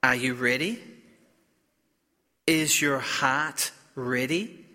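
A male priest reading the Gospel and preaching in a slow, solemn, deliberate way. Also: medium pitch, pushed and bright, long reverb tail.

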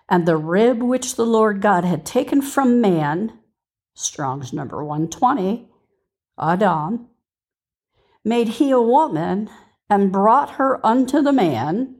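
A woman's voice: lowish voice, a little mellow. A woman hosting a podcast and teaching scripture in an earnest way, reading verses aloud and stopping to give reference numbers.

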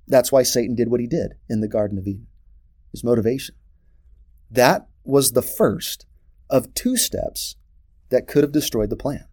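A man teaching a scripture lesson in an expressive way, posing rhetorical questions to his class. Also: mid-range voice.

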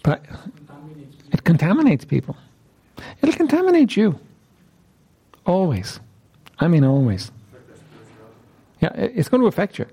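A man's voice: high voice, huge pitch swings, unhurried, long pauses, dark tone, slightly rough. A man preaching an interactive sermon, repeatedly questioning his listeners with emphasis.

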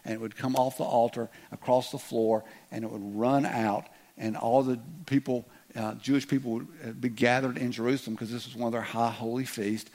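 Man preaching, chatty and lively. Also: mid-range voice, fairly quick, few pauses. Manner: conversational, joking asides, rises to loud acted outbursts. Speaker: pastor. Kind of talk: sermon.

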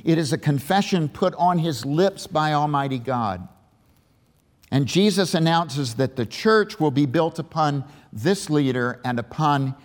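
A male pastor, preaching a sermon and telling a story, with emphatic questions to the congregation. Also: on the high side. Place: large church sanctuary. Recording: reverberant church hall.

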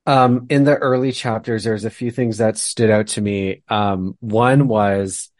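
A man co-hosting a podcast, discussing a book in a thoughtful, hesitant way with frequent pauses. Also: fairly low pitch, fairly even intonation, darkish tone, dry recording, studio quality. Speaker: podcast co-host.

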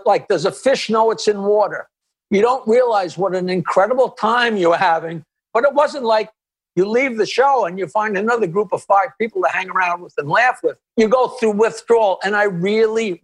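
High-voiced man telling rambling stories. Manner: rambling, animated, with frequent restarts and asides. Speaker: interview guest, comedian. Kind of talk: anecdotal storytelling in an interview.

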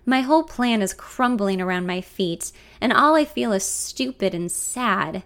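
A woman's voice: mid-range voice, animated, unhurried, a bit bright. A woman reading a first-person story in a confiding, introspective way. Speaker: narrator.

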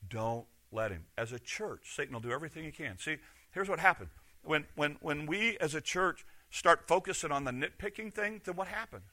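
A middle-aged man, a pastor, preaching a sermon with emphatic rhetorical questions that swing from loud to hushed. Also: a little high, lively intonation, fairly quick.

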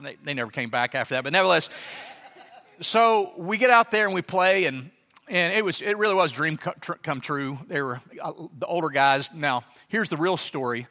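A man's voice: on the high side, normal speed. A middle-aged man preaching a sermon, telling a story and acting out the voices in it. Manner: animated, acts out voices in anecdotes. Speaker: pastor. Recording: long hall reverb.

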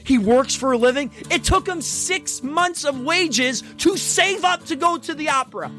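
A podcast co-host chatting casually, animated and swearing, jumping into loud outbursts. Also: high voice, normal speed. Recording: guitar music behind the voice.

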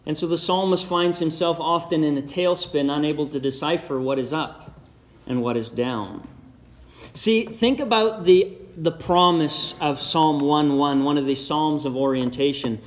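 A man delivers a sermon in a fairly high voice. He speaks in a measured way and turns often to the congregation with direct questions. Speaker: preacher.

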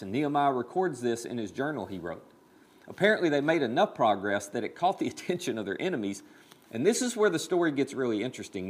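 A man preaching a sermon, telling a scripture story in an animated, storytelling way. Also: mid-range voice. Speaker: pastor.

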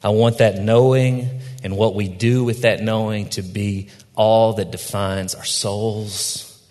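A man preaching a sermon, telling a story gently and reflectively. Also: fairly low pitch, fairly even intonation, takes it slowly. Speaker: pastor. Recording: long hall reverb.

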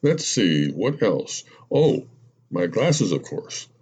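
A man's voice: sits low, big pitch swings, takes it slowly, a little mellow, slightly rough, pitched below the performer's own voice, full character voice. A man voicing a chatty middle-aged woman who rambles through a long list of everything she carries. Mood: rambling. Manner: rambling, breathless list-making. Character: chatty middle-aged woman listing her purse contents. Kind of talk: storytelling narration.

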